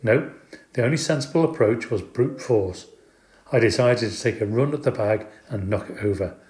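Storybook narrator, adult man, playful and expressive, mid-pitched, recorded in an echoey room. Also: normal speed. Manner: expressive, playful, does character voices. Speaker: audiobook reader.

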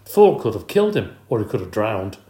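A man's voice: fairly low pitch, very animated, fairly quick, warm tone, echoey room. A man reading an audiobook, voicing an anxious, self-doubting young schoolboy. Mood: worried. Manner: worried, uncertain.

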